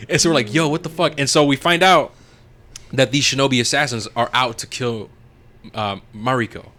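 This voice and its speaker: A young man co-hosting a podcast, casually recapping a TV episode, acting out characters in quick silly voices and swearing freely. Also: medium pitch. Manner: animated, acts out characters in silly voices, profane. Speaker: podcast co-host.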